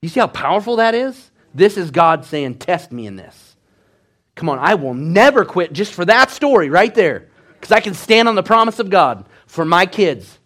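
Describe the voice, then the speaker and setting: A man preaching a sermon in a slightly higher than average voice. He tells his stories with animated energy, dropping to hushed tones and then rising loud. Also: normal speed. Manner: animated storytelling, swings between hushed and loud. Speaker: pastor.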